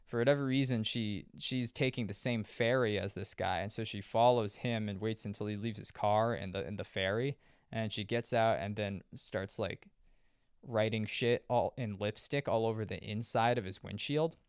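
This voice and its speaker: A man's voice: on the low side, fairly even intonation, moderate pace, smooth, no echo, clean studio sound. A young man recapping a movie in loose, profane casual chat, full of fillers and restarts. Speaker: podcast host reviewing a movie. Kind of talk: casual rambling film recap.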